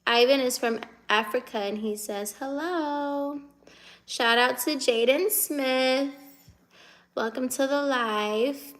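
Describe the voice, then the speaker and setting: A woman's voice: on the high side, steady tone, takes it slowly, a bit bright. A woman in her twenties from the United States, chatting casually on a live stream and answering viewer comments as she reads them, laughing often. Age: 20s.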